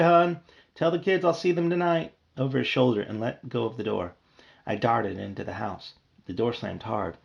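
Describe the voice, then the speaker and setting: A man's voice: on the low side, vocal fry, dull audio. A man reading a children's horror book aloud, narrating expressively. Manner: expressive storytelling. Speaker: reader.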